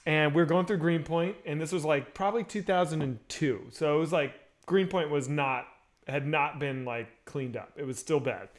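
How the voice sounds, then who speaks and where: A man's voice: on the high side, normal speed. A man in his forties, a comedy show co-host, casually telling a story, laughing and swearing as he goes.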